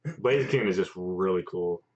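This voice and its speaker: A man co-hosting a casual chat, speaking haltingly with many pauses. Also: sits low, a little mellow. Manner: halting, many fillers and restarts. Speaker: co-host. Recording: dull lo-fi sound.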